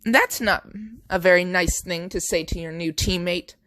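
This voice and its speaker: A man's voice: high-pitched, moderate pace, bright, forceful tone, no echo. A young man voicing an eager young female army private, bubbly and stammering. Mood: pouting.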